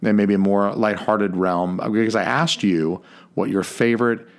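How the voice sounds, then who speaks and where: Male podcast co-host, lower register, casual, jokey storyteller with salty language. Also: fairly even intonation, normal speed. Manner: chatty, profane, jokey storyteller.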